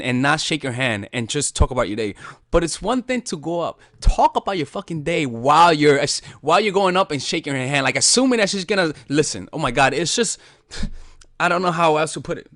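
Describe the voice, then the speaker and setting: A man giving a casual spoken lesson as a dating coach, talking in a loose, animated way with frequent restarts and swearing. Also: on the high side, no room sound, studio quality.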